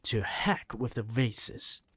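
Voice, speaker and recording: Reader playing a fiery old grandmother for an audiobook, snappish and rousing, slow, lively pitch. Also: slightly rough, dry recording, heavily acted. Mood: thrilled. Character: spirited, bossy old grandmother. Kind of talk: audiobook reading.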